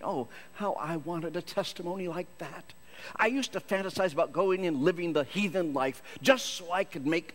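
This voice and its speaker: A man's voice: mid-range voice, fairly bright tone. A man from Michigan, a Christian actor, giving a humorous storytelling sermon in a self-deprecating, jokey way.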